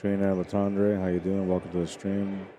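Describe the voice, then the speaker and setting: A man's voice: low-pitched, completely flat delivery, moderate pace, warm tone, slight background noise. A man giving casual, chatty commentary on a pool stream, talking to viewers and laughing. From Spanish heritage.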